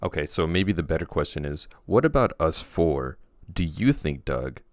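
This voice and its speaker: A man hosting a casual podcast, teasing his co-host and guests and jumping up in pitch for emphasis. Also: sing-song, normal speed, dry recording, studio quality. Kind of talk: casual chat.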